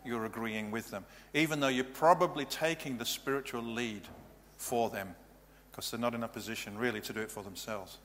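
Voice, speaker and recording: Plain-spoken pastor in a reverberant hall. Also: male voice, mid-range voice, a little fast, hardly any pauses, a bit bright. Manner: plain-spoken, practical, matter-of-fact. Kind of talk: teaching sermon. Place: church hall. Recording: reverberant hall, faint hum.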